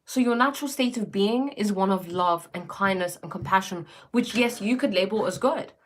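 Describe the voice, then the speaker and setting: A woman's voice: mid-range voice, moderate pace. A woman hosting a casual livestream, musing reflectively and answering viewers' comments, often breaking off mid-sentence. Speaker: livestream host.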